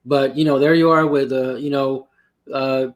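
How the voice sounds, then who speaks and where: A man's voice: mid-range voice, flat delivery, normal speed. A man interviewing a guest in casual chat, hesitant and full of fillers.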